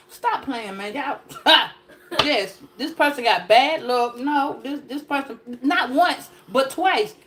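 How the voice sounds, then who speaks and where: A woman with a high-pitched voice talks through a tarot reading in loose, comedic chat. She rambles, swears constantly and jokes her way from one card to the next. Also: normal speed, a bit bright. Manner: profane, rambling, joking. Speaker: tarot reader.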